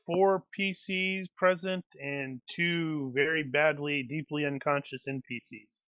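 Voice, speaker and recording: A man chats as a player at a tabletop game, cracking jokes between rules talk. His voice is bright and slightly higher, recorded dry and close with no room sound. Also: fairly even intonation, slow, no echo. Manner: joking, chatty asides. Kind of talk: casual game table chat.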